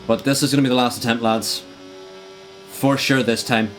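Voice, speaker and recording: Young man, live game streamer, frustrated joking tone, swears, mid pitch, faint background music. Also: level tone, moderate pace.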